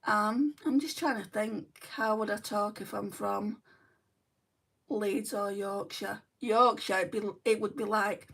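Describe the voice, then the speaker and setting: A woman's voice: mid-range voice, fairly even intonation, slow, gravelly, a bit bright, recorded from a distance. A woman with a Lancashire accent chatting candidly through a makeup livestream, rambling with frequent ums and reading out viewer comments. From Lancashire, England. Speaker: beauty vlogger. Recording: voice set back from the mic.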